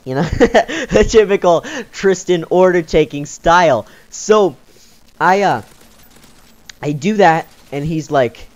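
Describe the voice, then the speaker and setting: A man's voice: sits high, lively intonation, slow pace, a little mellow, muffled recording. A young man telling a story in a casual vlog, rambling with many fillers and sounding exasperated. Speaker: YouTuber.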